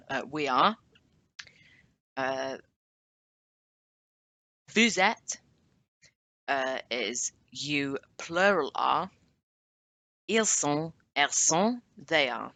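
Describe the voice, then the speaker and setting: A woman giving a casual language lesson, chatting and correcting herself as she sounds out example phrases slowly. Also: low voice, expressive, fairly bright tone, dry recording. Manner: chatty, self-correcting, drawn-out French examples. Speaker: language teacher.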